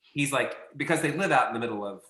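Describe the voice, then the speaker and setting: A man's voice: medium pitch, expressive, fast, pushed and bright, reverberant. A man, a casting director guest, telling a long anecdote in a rambling, self-correcting way.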